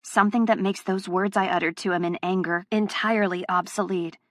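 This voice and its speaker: Woman, first-person audiobook narrator, mid pitch, emotional, intense, dry studio mic. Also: fairly even intonation, brisk, fairly bright tone, dry recording. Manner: emotionally charged, heated reading.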